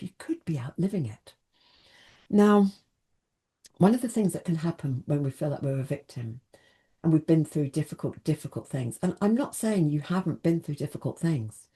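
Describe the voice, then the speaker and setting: A woman's voice: low-pitched, warm tone. A woman giving an earnest motivational talk, speaking directly to the viewer and often asking them questions. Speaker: self-help speaker.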